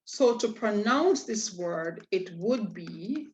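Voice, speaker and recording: A woman's voice: mid-range voice, lively intonation, slow pace, a little mellow, dull audio. A woman teaching a lesson, explaining patiently and spelling out letters one by one. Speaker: Spanish teacher. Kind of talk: online lesson.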